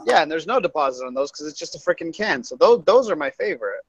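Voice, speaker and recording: A man's voice: fairly high pitch, very animated, fast talker, husky, dry recording, highs cut off. A man co-hosting a casual beer chat, teasing and making crude jokes. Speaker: beer podcast co-host.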